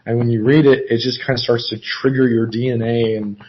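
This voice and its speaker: A man talking on a video call in a rambling, halting way, hesitating often and restarting his sentences. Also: mid-range voice, little pitch movement, slight background noise. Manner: meandering, halting, many fillers and restarts. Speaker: caller. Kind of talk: rambling casual chat. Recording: muffled lo-fi video call audio.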